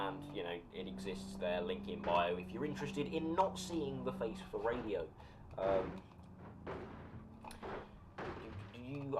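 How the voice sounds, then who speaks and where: Chatty British man with a lively voice. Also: lowish voice. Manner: rambling, chatty, reads and answers chat comments, quick to laugh. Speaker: live streamer. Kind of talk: casual live-stream chat while gaming. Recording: noisy home recording.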